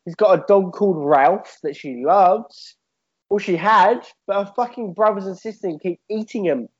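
Male co-host, light high voice, loose comic storyteller, muffled low-fi audio. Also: moderate pace, breathy edge. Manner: rambling, swearing, jokey storytelling. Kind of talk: casual comedic chat. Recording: dull lo-fi sound.

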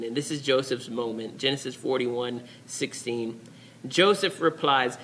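A male pastor preaching a sermon in a church, telling a story with lively, casual slang and dropping to a near whisper for emphasis. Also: medium pitch, normal speed, a little hiss or hum. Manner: animated storytelling, acting out characters with casual slang. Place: church sanctuary.

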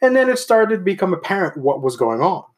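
A man's voice: sits high, very animated, fairly quick. A man in casual conversation who tells stories from his own life and acts out the voices of the people he quotes. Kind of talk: casual chat.

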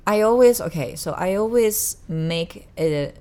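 A woman's voice: medium pitch, lively intonation, a little slow, warm tone. A young woman from Italy, English not her first language, chatting casually and often stopping to search for words. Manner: searching for words, many restarts. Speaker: podcast guest. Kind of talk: casual chat.

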